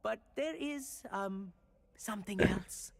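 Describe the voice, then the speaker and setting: A man's voice: high voice, slow pace, creaky, no echo, heavily acted. A man voicing an eager, boastful young male student who loves astronomy, in a video game. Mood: conspiratorial.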